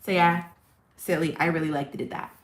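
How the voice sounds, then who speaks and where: A woman's voice: low voice, steady tone, a little fast. A woman chats on a livestream in a loose, rambling way, poking fun at herself as she goes. Her tone is casual and easily amused, and she wanders between thoughts. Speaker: parody songwriter and streamer.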